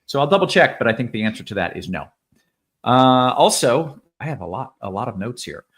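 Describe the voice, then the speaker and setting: An upbeat man hosts a casual sports betting show with a mid-range voice. He moves quickly between promo reads and viewer questions, laughing easily as he goes. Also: mid-range voice, big pitch swings, a bit bright. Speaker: host.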